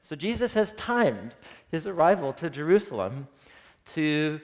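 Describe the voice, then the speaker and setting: A Bible teacher with a fairly high voice and a measured pace teaches scripture to a live group. He reads passages aloud, explains them, and animatedly questions his audience, with the long reverb of a hall around him.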